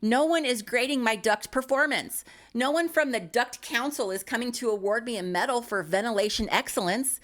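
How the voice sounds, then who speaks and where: A woman's voice: a little high, moderate pace, a bit bright. A woman in her fifties giving a scripted comedic monologue as a YouTube creator, wry and self-mocking with dry punchlines.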